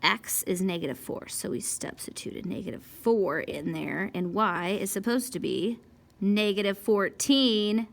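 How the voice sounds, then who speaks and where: A woman's voice: mid-range voice, unhurried, gravelly. A woman teaching a math lesson step by step, who scolds herself over mistakes, talks to the equations, and sighs and whispers when frustrated. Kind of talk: recorded math lesson walkthrough.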